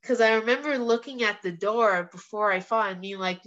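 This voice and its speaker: A woman's voice: medium pitch, normal speed, hardly any pauses. Candid young woman, slightly muffled audio. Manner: candid, animated storytelling with frequent "like" and swearing. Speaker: guest, professional fighter. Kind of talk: casual interview chat.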